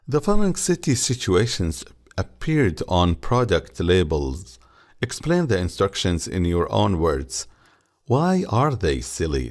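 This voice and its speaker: A man teaching an English textbook lesson, reading the English slowly and explaining it in Arabic. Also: low-pitched, a little mellow.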